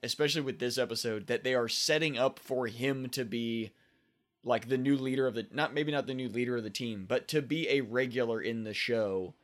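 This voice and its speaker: A man's voice: mid-range voice, brisk. A man co-hosting a podcast, chatting casually about a kids' show episode, rambling with restarts and fillers. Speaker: podcast co-host. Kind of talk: casual chat.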